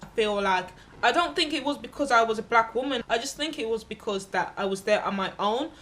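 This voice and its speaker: A woman with a bright, fairly high voice tells the story of a solo trip. She speaks candidly and bluntly, swears freely, and acts out the people she met along the way. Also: a little fast. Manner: candid and expressive, acting out other people in her stories. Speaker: travel vlogger. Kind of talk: casual travel vlog storytelling.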